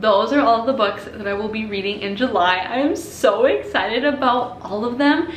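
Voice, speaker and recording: Gushing young woman, echoey room. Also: fairly high pitch. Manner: gushing, chatty, quick to laugh and sigh. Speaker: book vlogger. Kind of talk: casual vlog chat. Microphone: compact camera. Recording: echoey room with faint noise.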